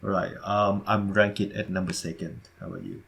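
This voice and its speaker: Halting, low-voiced podcast man. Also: very animated, vocal fry, a bit bright, breathy edge. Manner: hesitant, repeats words, halting phrasing. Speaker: podcast co-host. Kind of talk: casual podcast chat.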